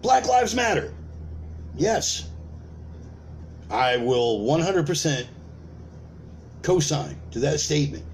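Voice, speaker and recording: A man preaches a heated rant, swearing freely and hammering points with repetition and rhetorical questions. His fairly high voice swings widely in pitch from punchy peaks to low, grim asides. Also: sing-song, slow pace, long pauses, a little hiss or hum. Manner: profane, emphatic, uses repetition and rhetorical questions. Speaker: preacher of an online sermon. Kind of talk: ranting sermon.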